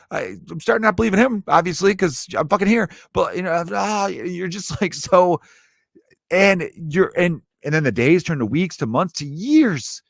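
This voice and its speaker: A man's voice: high voice, lively intonation, normal speed, creaky, no room sound, clean studio sound. Ranting, profane male comedian podcaster. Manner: ranting, profane, jumps between topics.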